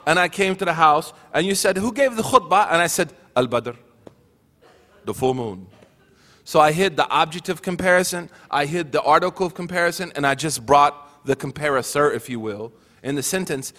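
Man giving a joking, earnest talk, high bright voice, big echoey hall. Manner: joking asides mixed with earnest teaching. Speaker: speaker at a religious gathering. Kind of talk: humorous teaching talk. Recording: hall with long reverb.

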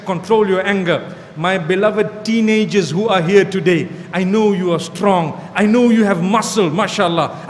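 High-voiced preacher in a reverberant hall. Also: male voice, a little hiss or hum. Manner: animated, repeats key phrases for emphasis. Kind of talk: sermon. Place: hall with an audience.

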